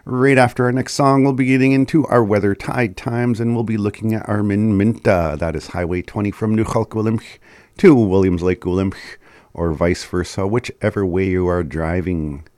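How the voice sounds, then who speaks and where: A man hosting a community radio show, teaching a phrase of the day in a relaxed way and chuckling often. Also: fairly low pitch, moderate pace, dry recording, clean studio sound. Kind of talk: casual community radio talk.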